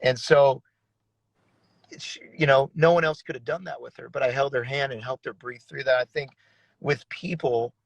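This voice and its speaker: Gravelly earnest male pastor. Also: medium pitch, fairly even intonation, moderate pace, rough recording. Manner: earnest, emotional storytelling with many restarts. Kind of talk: conversational testimony in an interview.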